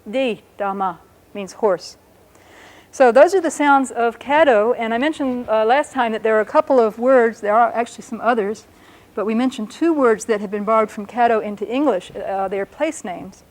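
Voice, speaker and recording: A woman teaching a language lesson, explaining patiently and sounding out words slowly and carefully. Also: on the high side.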